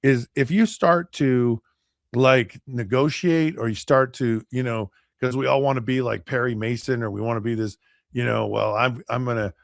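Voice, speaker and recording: A middle-aged man tells a story on his podcast in a loose, rambling way, often restarting his sentences and acting out the voices of other people. His voice sits at an ordinary middle pitch. The sound is dry and close, with no room echo. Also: normal speed, vocal fry. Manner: rambling, with many restarts and acted-out quotes. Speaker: podcast host, former NFL quarterback. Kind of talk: casual storytelling.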